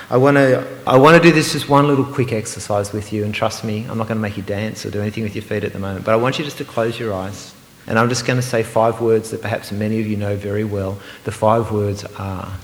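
A man preaching a sermon, earnest and emphatic, sometimes slowing to a hushed, meditative repetition. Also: fairly low pitch, a little hiss or hum. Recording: roomy hall with long reverb.

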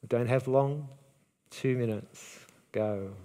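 A man's voice: mid-range voice, takes it slowly, mellow, long reverb tail. A man preaching a sermon, retelling a Bible story with drama and acting out the quoted lines.

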